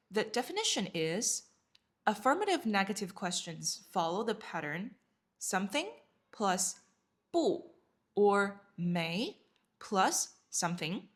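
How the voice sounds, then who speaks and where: Woman teaching chinese online, talks slow, repeats everything patiently. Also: mid-range voice. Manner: patient, repeats words slowly with English glosses. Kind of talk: online language lesson.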